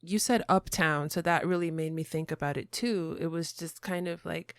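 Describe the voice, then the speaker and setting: A woman's voice: low-pitched, fairly even intonation, normal speed, no echo, clean studio sound. A woman hosting a podcast interview, talking in a reflective, chatty way with lots of fillers. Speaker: podcast host.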